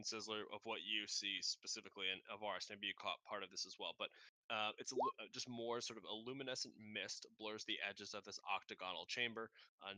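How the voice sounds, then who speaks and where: Bright-voiced man running a tabletop game. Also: fairly low pitch, no echo. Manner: halting, restarts mid-sentence. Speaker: game master.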